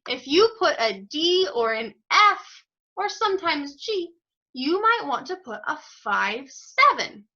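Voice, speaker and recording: A woman teaching an online group music lesson, giving slow step-by-step instructions and praising students by name. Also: sits high, sing-song, bright, forceful tone. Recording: dull lo-fi audio.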